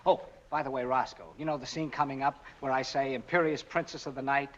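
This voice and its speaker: A man's voice: mid-range voice, fairly even intonation, a little fast, muffled recording, lightly acted. An actor playing a charming leading man who talks in a soothing, breezy way, in an old Hollywood film clip. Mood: reassuring.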